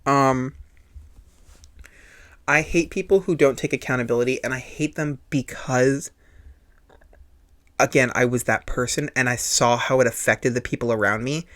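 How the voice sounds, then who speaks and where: A man's voice: mid-range voice, normal speed, long pauses, a bit bright. A man hosting a podcast, telling a personal story in an earnest, confessional way, often repeating himself for emphasis. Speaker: podcast host.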